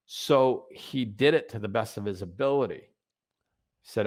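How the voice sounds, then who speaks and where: A man's voice: fairly low pitch, normal speed, a little mellow. A man hosting a podcast, telling a spiritual story in a loose, casual way full of fillers and restarts. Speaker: podcast host.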